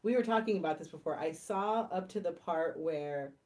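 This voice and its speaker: A woman's voice: fairly low pitch, moderate pace, darkish tone, far from the mic. A woman guest on a podcast who chats casually and acts out her own reactions. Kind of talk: casual chat.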